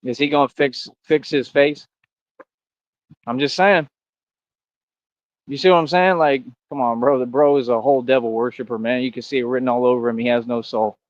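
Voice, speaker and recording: A man's voice: medium pitch, steady tone, moderate pace, long pauses, dry recording, dull audio. Boastful man ranting at his chat. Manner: boastful, confrontational, says bro a lot. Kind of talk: livestream rant to chat.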